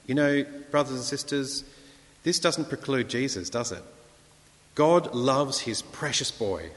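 Male preacher, earnest sermon delivery, lively pitch, long hall reverb. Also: moderate pace. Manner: earnest, rising to emphatic scripture reading.

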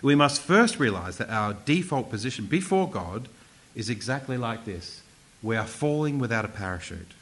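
A man's voice: medium pitch, very animated, normal speed, fairly bright tone, low-quality recording. A man preaching a sermon, emphatic and conversational, with asides and self-corrections.

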